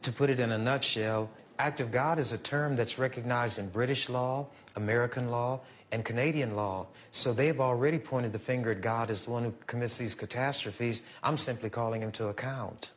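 A man's voice: medium pitch, normal speed, few pauses. Matter-of-fact man being interviewed. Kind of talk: interview answer.

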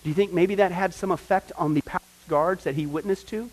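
A man preaching a sermon to a group, animated, often asking his listeners questions and acting out the people he quotes. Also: high-pitched, a little fast, husky, low-quality recording. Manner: animated, acts out quoted voices, asks the audience questions. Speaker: pastor teaching a Bible study.

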